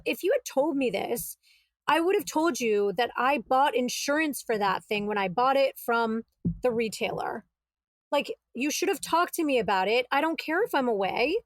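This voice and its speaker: Woman with a high voice telling her story, animated, dry close mic. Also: dry recording. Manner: animated, quotes herself and others, exasperated retelling. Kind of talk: casual storytelling.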